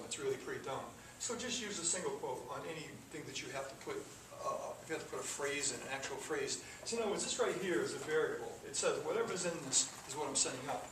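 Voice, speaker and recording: A man teaching a classroom coding lesson, talking through the code step by step with casual asides. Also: a little high. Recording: echoey classroom from far off with noise.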